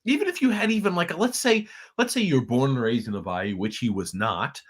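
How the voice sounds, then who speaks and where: Excitable male sports stream co-host. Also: mid-range voice, fairly quick. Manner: excitable, emphatic, with repeated restarts. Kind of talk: casual sports commentary chat.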